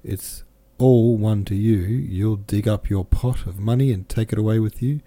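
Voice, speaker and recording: Man voicing bold peasant ringleader, scornful, accusing, deep dark tone. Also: normal speed, no room sound, close to an everyday voice. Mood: defiant.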